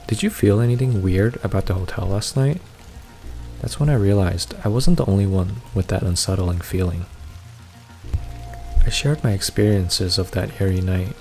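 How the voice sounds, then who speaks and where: Deep-voiced man reading a horror story. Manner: steady, measured first-person reading. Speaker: narrator. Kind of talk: scripted horror story narration.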